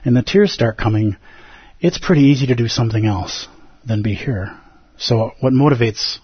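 A man with a husky, slightly breathy voice gives a casual, playful Zen dharma talk to his group. The recording is dull and lo-fi, with a dry, close sound and no room around it. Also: mid-range voice, dry recording. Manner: conversational and playful, with frequent "like" and "right?". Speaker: Zen meditation teacher.

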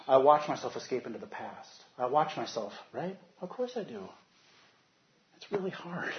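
A man giving a dharma talk as a meditation teacher, animated, moving from soft, quiet stretches to loud bursts as he acts out inner voices. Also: mid-range voice, normal speed, dull audio, a little hiss or hum.

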